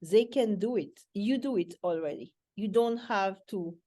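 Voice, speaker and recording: A woman's voice: medium pitch, a little slow, warm tone. A woman life coach hosting a casual coaching chat, speaking in an earnest, reflective way.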